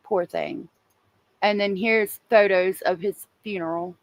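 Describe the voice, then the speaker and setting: Woman host, casual and emotional, speaks straight to her livestream chat at a medium pitch, recorded dry. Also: animated, a little slow, no room sound, lo-fi sound. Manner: chatty, emotional, talks to viewers in chat. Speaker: true crime livestream host.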